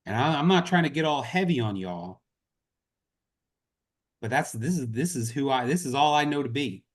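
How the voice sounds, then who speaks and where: A man's voice: mid-range voice, expressive, moderate pace, slightly rough. A man leading a network marketing team, giving an earnest, impassioned motivational talk on a group video call. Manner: earnest, impassioned, repeats "y'all".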